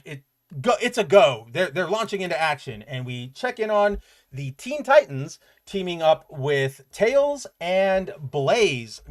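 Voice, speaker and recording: Male podcast co-host, chatty and loose, a touch higher-pitched, casual comics rundown. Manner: chatty and animated, loose fillers and asides. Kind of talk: casual comic book review chat.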